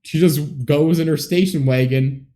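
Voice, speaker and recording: A man's voice: a little high, unhurried, mellow. A young man co-hosting a podcast, recapping a movie in laid-back, dry casual chat. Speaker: podcast co-host.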